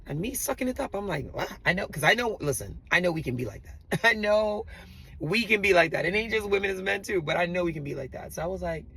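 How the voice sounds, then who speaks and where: A middle-aged woman from the Virgin Islands with a Virgin Islands accent, telling her own story in a chatty, animated way and often speaking straight to her listeners. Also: lowish voice, fast, husky. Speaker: storyteller host. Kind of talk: personal storytelling to an audience.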